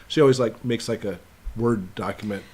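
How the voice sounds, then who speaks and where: A man's voice: lowish voice, a little fast, a little mellow. Chatty man greeting stream viewers. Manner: greets viewers by name one after another, chatty and upbeat. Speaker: host of a live stream Q&A. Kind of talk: casual live stream chat.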